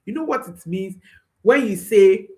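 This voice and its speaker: Slow, lively-voiced woman parenting coach. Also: mid-range voice. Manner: emphatic, repeats phrases, checks in with "hmm?". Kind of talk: advice talk to viewers.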